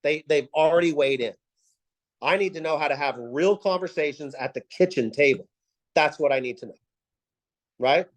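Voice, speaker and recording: A man's voice: on the high side, normal speed, pauses often, rough recording. A man leading a team video call, talking in punchy, emphatic rhetorical questions and repeating himself for effect. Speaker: team leader giving a sales pep talk.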